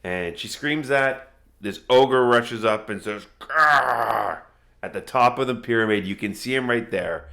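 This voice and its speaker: A man narrating a tabletop game as game master, chatty, laughing easily and slowing down for dramatic moments. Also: mid-range voice, fairly bright tone.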